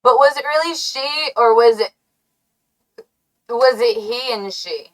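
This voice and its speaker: Woman, streamer, chaotic ASMR trolling, slow drawl, playful nonsense, soft murmurs then sudden shouts. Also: on the high side, rough recording.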